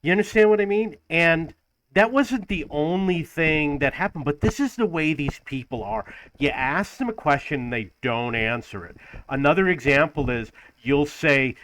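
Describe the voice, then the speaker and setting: A man's voice: a little high, animated, moderate pace, fairly bright tone, slight background noise, poor audio. A man from New York ranting in an audio-only vlog, exasperated and repetitive. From New York, USA. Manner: exasperated, repeats himself, mimics others in lists. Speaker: vlogger. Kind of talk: audio-only complaining rant.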